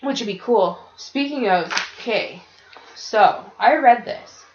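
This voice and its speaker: A woman's voice: a little high, expressive, takes it slowly, a little hiss or hum. Woman, podcast co-host, blunt casual chat with swearing; echoey room, muffled lo-fi mic. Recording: roomy, dull lo-fi podcast recording.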